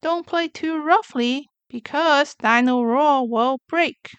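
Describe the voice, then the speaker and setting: A woman voicing a kind, jolly father pig with gentle, fatherly storybook delivery. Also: high voice, takes it slowly, dry recording.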